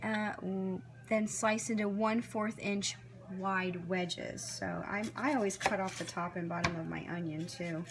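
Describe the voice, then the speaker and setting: A home cook's medium-pitched voice, unhurried and fairly even in intonation, narrates a casual cooking vlog. Chatty and thinking aloud, she talks to the camera while chopping vegetables and following a recipe in her kitchen, against a noisy background of clattering knives, dishes and pans.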